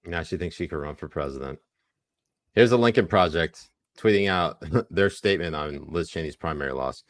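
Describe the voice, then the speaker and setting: A man with a very low voice trades crude, mocking banter as a podcast co-host. He laughs often, and the sound is dry and close. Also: animated, normal speed, no echo. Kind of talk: casual political banter.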